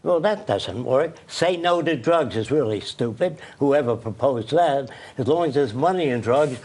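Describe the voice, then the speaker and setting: A man's voice: mid-range voice, animated, normal speed, darkish tone. An older man, a guest in an interview, lecturing with passion and ticking off points one by one. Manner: emphatic, lists points one by one. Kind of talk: impassioned lecturing.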